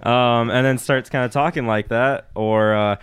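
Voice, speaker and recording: A man's voice: mid-range voice, steady tone, normal speed, crowd noise. A young man from Nebraska with a Midwestern accent, chatting casually and laughing as a cast member on a talk show. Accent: Midwestern American. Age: young adult. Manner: chatty, laughing, filler-heavy. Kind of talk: casual chat.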